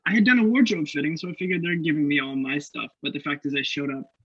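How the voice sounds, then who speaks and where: Man, young, from Canada, higher voice, animated storyteller, dull dry sound. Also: fast, breathy edge, dry recording. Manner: animated, laughing, acts out quoted voices. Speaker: guest actor. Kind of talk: casual storytelling interview.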